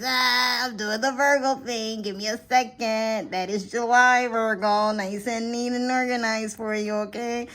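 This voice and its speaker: A woman doing a relaxed tarot reading straight to camera for her viewers. She talks in a chatty, animated way and keeps checking in with them. Her voice rises and falls widely in pitch and loudness. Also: a little slow. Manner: chatty, animated, addresses viewers directly with frequent "okay?"; lively swings in pitch and loudness. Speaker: tarot reader.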